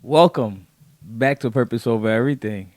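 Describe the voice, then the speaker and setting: A man hosting a faith podcast, talking in an effusive, excited way with his wife as guest. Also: medium pitch, normal speed, over loud music. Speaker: podcast host.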